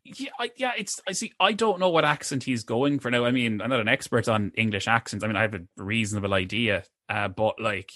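A man's voice: fairly low pitch, expressive, fairly quick, few pauses, bright, forceful tone, dry recording, studio quality. A man co-hosting a film review podcast, talking casually with many hesitant restarts. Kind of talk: casual chat.

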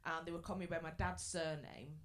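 A woman's voice: low voice, steady tone, brisk, fairly bright tone. A woman chatting and telling anecdotes as a regular player on a live comedy panel show. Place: live stage venue.

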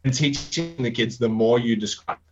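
Brief: male teacher and game runner, lively anecdote teller who slips into quoted voices, muffled lo-fi recording. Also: medium pitch, a little fast, music in the background. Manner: animated, acts out quoted voices, many fillers. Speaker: teacher running tabletop games for students. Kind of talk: casual storytelling in a podcast chat. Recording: dull lo-fi sound.

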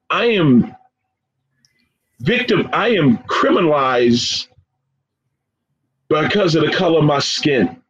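A man being interviewed as a guest, speaking earnestly and with deep emotion, often repeating phrases and calling his listener "man.". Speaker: guest, professor and founder of a forgiveness organization. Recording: dull lo-fi sound with faint background noise.

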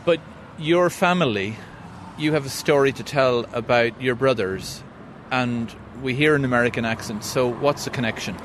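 A man's voice: mid-range voice, moderate pace, a bit bright. A man in his fifties with an Irish accent, hosting an outdoor interview and chatting with many restarts. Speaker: host. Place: outdoors in a town square. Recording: outdoor street noise.

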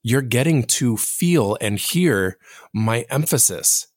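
A man hosting a casual solo podcast, speaking directly to his listeners in a reflective, self-deprecating way, with a fairly monotone voice. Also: mid-range voice, slow pace, dry recording, studio quality. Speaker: podcast host.

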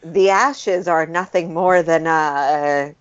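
A woman's voice: deep voice, takes it slowly, clear, resonant tone. A woman co-hosting in casual banter, playful and joking, laughing often. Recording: dull lo-fi sound.

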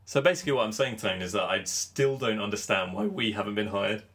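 A man's voice: lowish voice, fairly quick, a bit bright. A man hosting a cricket podcast, chatting casually and teasing his co-host with a joking manner. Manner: joking, teasing, mimics commentators. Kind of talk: casual chat.

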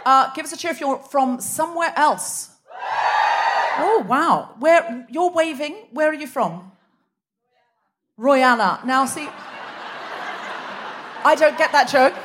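A woman's voice: high voice, takes it slowly, long pauses. A woman raised in Australia hosting a live comedy podcast on a theatre stage, teasing and chatting with the crowd. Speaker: host. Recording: noisy live theatre recording.

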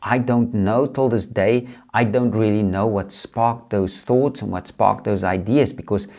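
A man's voice: fairly low pitch, steady tone, a little slow, a little mellow. A man from Africa, hosting a podcast and telling a motivational story in an earnest, repetitive way. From South Africa. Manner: earnest, repetitive, builds emphasis. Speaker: podcast host.

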